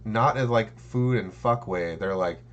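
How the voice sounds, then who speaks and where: A man co-hosting a podcast in casual chat, telling stories and jumping into playful high impressions. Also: measured pace, highs cut off. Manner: storytelling, jumps into high childlike mimicry. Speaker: podcast co-host.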